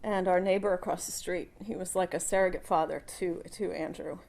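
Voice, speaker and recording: A woman's voice: on the low side, steady tone, fairly quick, vocal fry, a little mellow. A middle-aged woman, a daughter, giving a eulogy at a funeral service, speaking fondly and often laughing between memories.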